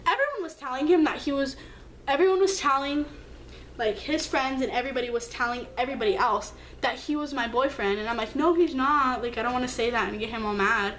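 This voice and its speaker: A young woman with a high voice tells a personal story straight to camera. She sounds hurt and keyed up, swearing a lot and jumping higher as she acts out the messages. A faint hiss sits under her voice. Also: a little fast, a bit bright. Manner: emphatic, swearing, acts out texts with leaps in pitch. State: upset, hurt. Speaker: vlogger. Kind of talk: storytime vlog.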